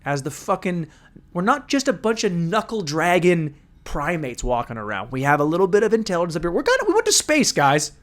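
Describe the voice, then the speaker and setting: A man's voice: on the high side, animated, fairly quick, a bit bright. A man hosting a solo comedy podcast, ranting crudely and energetically. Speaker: podcast host.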